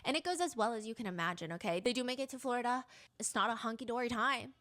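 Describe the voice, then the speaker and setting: A woman with a fairly high voice tells a true crime story in a casual way. She reads text messages aloud with heavy emphasis and breaks off for sarcastic asides. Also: quick pace, a bit bright.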